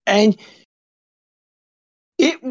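A man in his fifties telling a long story in casual conversation, rambling and swearing, full of asides and quoted remarks. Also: drawn-out words. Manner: rambling and profane, many asides and reported speech. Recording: dull lo-fi recording.

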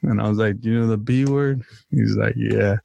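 Laid-back swearing man, low voice. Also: fairly even intonation, moderate pace, vocal fry, mellow. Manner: laid-back, swears freely, acts out quotes in storytelling. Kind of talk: casual chat.

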